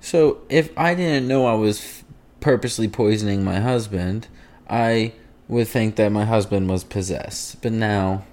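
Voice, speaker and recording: A young man co-hosting a podcast, reacting to a crime story in an animated way and laughing easily. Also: lowish voice, a little slow. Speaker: podcast co-host. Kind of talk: casual chat.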